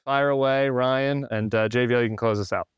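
Brisk, smooth-voiced male podcast host. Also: mid-range voice, steady tone, no room sound, dull audio. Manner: brisk, upbeat, steering the talk. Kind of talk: hosting a podcast conversation.

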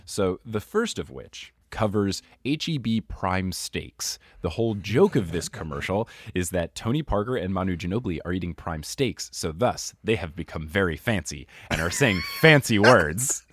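A man co-hosting a casual podcast, talking in a lowish voice that leaps up and down with excitement. He explains at length and laughs often, recorded close and dry with no room sound. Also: normal speed, breathy edge, no echo. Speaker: podcast host.

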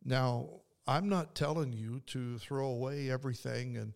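A man's voice: mid-range voice, lively intonation, normal speed, vocal fry, few pauses. A man hosting a faith podcast, speaking earnestly and conversationally with frequent restarts. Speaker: podcast host and preacher. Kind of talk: devotional podcast talk.

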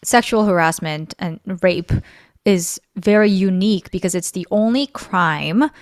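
A woman's voice: on the low side, measured pace, no room sound. Woman in her thirties, dry close mic. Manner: thoughtful, then laughing and teasing. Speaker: ministry director. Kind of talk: casual podcast conversation.

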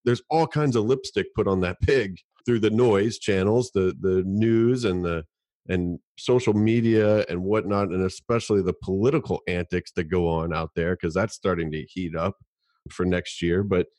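A man with a low voice explains ideas in casual podcast chat. He often repeats a word while he finds his next thought. The recording is dry and close-miked. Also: normal speed, darkish tone, no room sound. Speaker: podcast co-host.

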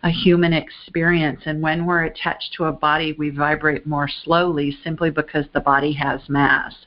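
A woman hosting a call-in show as a psychic, bubbly with lively exclamations. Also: low-pitched, normal speed. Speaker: podcast host and psychic. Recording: dull lo-fi sound.

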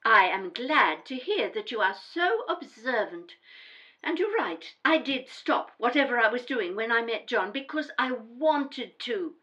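Brief: actress as middle-aged daughter, firm and emphatic, bright and very expressive. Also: female voice, a little high, dull audio, heavily acted. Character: grown daughter, housewife, proud and defensive. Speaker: adult daughter. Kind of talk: audio drama dialogue.

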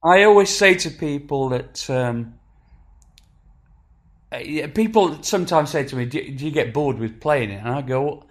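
A man's voice: fairly high pitch, moderate pace. Chatty older man with a Sheffield accent. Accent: Sheffield English. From England. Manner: animated anecdote-telling with acted quotes and frequent restarts. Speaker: musician guest. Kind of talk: casual chat, storytelling.

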